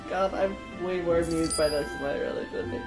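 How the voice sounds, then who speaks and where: A woman's voice: fairly low pitch, normal speed, over music. A woman chatting casually while playing a game on stream, rambling and giggling as she goes. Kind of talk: casual chat while gaming.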